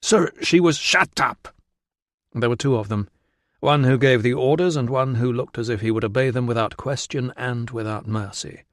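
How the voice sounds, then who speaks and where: A man giving measured, steady audiobook narration. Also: medium pitch, no echo, clean studio sound.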